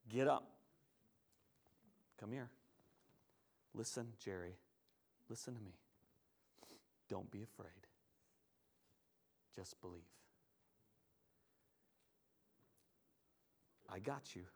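A man in church acting out a gentle yet commanding male teacher in a sermon, hushed with a grieving father and loud and fed up with a crowd. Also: on the high side, brisk, hardly any pauses, breathy edge. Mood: tender, hushed.

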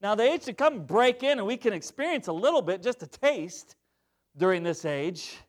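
A man's voice: high-pitched, expressive, normal speed. A young adult man preaching a sermon, emphatic, often checking in with the congregation. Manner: emphatic, call-and-response asides to the congregation. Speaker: pastor.

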